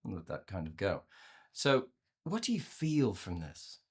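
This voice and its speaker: A man presenting a workshop on communication to a virtual audience, conversational and animated, often repeating words as he restarts his sentences. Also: unhurried, slightly rough. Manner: acts out inner voices with playful pitch jumps. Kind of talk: live talk to a virtual audience.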